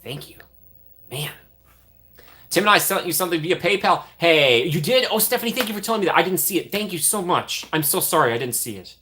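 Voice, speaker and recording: A man with a slightly high, animated voice and a sharp tone hosts a casual livestream. Grateful, he reads out donations, thanking viewers quickly and repeatedly, with frequent laughs.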